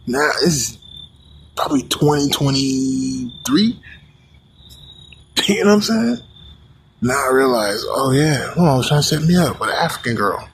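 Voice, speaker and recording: A man's voice: medium pitch, normal speed, creaky, slight background noise, rough recording. Man ranting casually, rambling and profane. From United States. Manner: rambling, profane, many restarts. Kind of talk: casual rant to camera.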